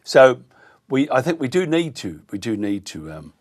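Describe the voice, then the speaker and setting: A middle-aged man with an Australian accent, hosting talk radio in an indignant, halting way with many fillers. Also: medium pitch, sing-song.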